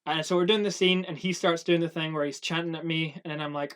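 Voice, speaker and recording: Talking fast in a slightly high voice, a young man co-hosting a podcast swaps work stories in a relaxed chat. He's a lively storyteller who swears without restraint and performs the lines people said.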